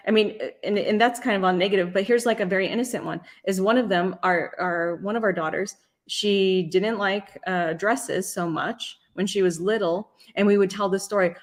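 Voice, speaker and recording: A woman's voice: mid-range voice, steady tone, moderate pace, few pauses. A middle-aged woman hosting a live stream in a casual, rambling way, often restarting her sentences. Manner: chatty, rambling, frequent restarts. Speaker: host and life coach.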